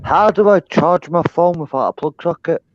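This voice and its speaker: A man's voice: fairly high pitch, normal speed, dry recording, highs cut off. Brash, swearing man. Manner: brash, profane, heckling. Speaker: panel guest. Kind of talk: casual voice chat. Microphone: earphones.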